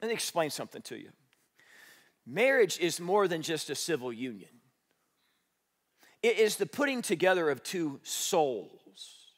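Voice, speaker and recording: High-voiced pastor preaching a sermon. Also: male voice, sing-song. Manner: dramatic shifts from loud to hushed, slows for emphasis; rhetorical questions to the congregation. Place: church stage.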